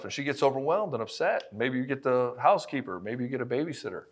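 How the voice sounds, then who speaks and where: A man's voice: mid-range voice, expressive, quick pace, hardly any pauses. A middle-aged man coaching married men in a blunt, profane, emphatic monologue, speaking straight to the listener. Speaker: relationship coach. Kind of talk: direct-to-camera monologue.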